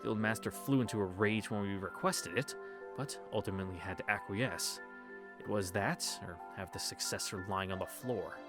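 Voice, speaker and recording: A man's voice: lowish voice, normal speed, over music. A man reading a visual novel aloud in a casual read-through, stumbling on words and correcting himself with wry asides.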